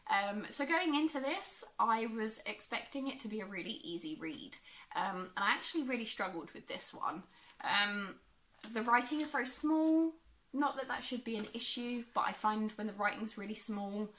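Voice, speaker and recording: A woman's voice: a little high, animated, normal speed, a bit bright. A young woman from England chatting casually about books she has read, with frequent ums and a self-deprecating manner. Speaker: book vlogger. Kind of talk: casual book review chat.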